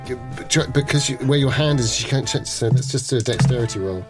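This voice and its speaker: A man's voice: mid-range voice, fast. Amused male game master over music. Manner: amused, laughing narration with restarts. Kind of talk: narrating a tabletop game. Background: background music.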